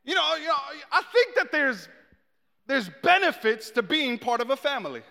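A man telling a personal story in a sermon, animated and joking, acting out the people in it. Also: very high-pitched, normal speed, creaky. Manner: animated, humorous, acts out the people he quotes. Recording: long reverb in a large hall.

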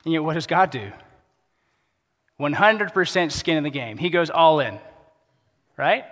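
A pastor preaching a sermon in a casual, conversational way, dropping to a soft, quiet voice for emphasis. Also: male voice, a little high, sing-song, a little slow. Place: church sanctuary. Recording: long hall reverb.

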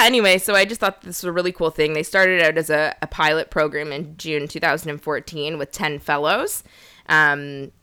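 A woman with a bright, crisp voice that sits a little low for her, chatting casually as a comedy podcast co-host. She rambles through a story with fillers and jokes around easily. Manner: rambling, laughs a lot, jokey. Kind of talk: casual chat.

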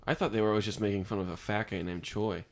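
A man's voice: on the low side, steady tone, fast, vocal fry. A man co-hosting a casual comedy podcast, joking and teasing his guests. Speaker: podcast co-host.

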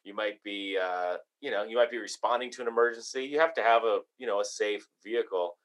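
A man's voice: on the low side, brisk, a bit bright. A man co-hosting a casual podcast, talking in a hesitant, wry, teasing way. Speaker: podcast co-host.

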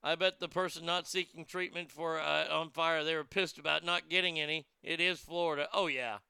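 A man's voice: a little high, fairly even intonation, fairly quick, vocal fry, pushed and bright, clean tone, no echo, clean studio sound. A man working as a radio DJ, reading odd news and ranting about it in a sarcastic, crude, rambling way. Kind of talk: profane talk radio commentary.

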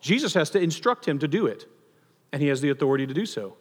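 A pastor giving a sermon in a conversational, animated storytelling manner with touches of humor. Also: male voice, on the high side, fast talker, breathy edge, big-room sound.

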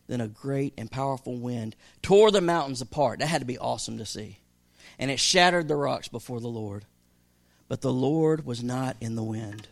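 A man preaching a sermon as pastor. He moves between rousing, emphatic exclamations and hushed, softer storytelling. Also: mid-range voice, moderate pace, gravelly. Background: soft guitar music.

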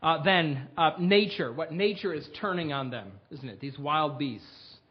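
High-voiced preacher man, lo-fi. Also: expressive, measured pace. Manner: reads scripture aloud with rising emphasis; earnest, direct address to congregation. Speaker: pastor. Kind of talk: sermon.

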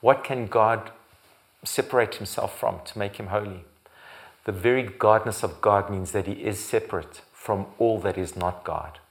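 A man preaching a sermon as pastor, building to loud, emphatic repeated phrases and sometimes correcting himself. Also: on the low side, normal speed, creaky. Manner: occasional restarts and self-corrections.

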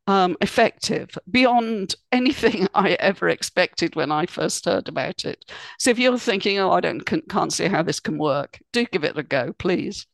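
A woman's voice: fairly low pitch, gravelly, dry recording. Chatty woman, dry close sound. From United Kingdom. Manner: explanatory, chatty, with frequent "um" and "you know". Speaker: guest expert. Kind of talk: podcast interview advice.

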